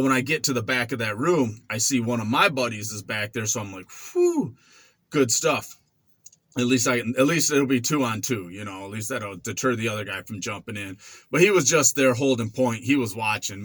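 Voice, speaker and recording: A man's voice: medium pitch, brisk, no echo. A man in his forties casually telling a story about his past, acting out voices and sound effects as he goes. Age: 40s. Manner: animated, acts out quotes and sound effects. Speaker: vlogger.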